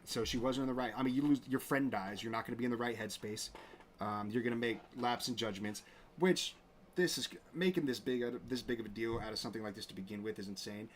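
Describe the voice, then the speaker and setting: A man's voice: mid-range voice, a little fast. A man hosting a show, talking casually and with indignation, full of fillers and restarts. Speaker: host. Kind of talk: casual commentary reading out messages.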